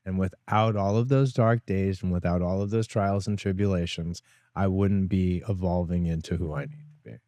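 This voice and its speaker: Rambling man, low voice. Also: moderate pace, warm tone, no echo. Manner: rambling, with repeated "like" fillers. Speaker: wellness company co-founder. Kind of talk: casual conversation.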